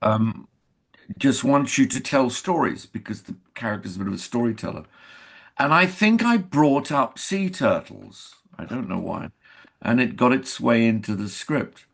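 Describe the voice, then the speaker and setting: A man's voice: medium pitch, big pitch swings, measured pace, creaky. An older man from England, an actor guest in a casual interview, telling anecdotes and acting out quoted dialogue.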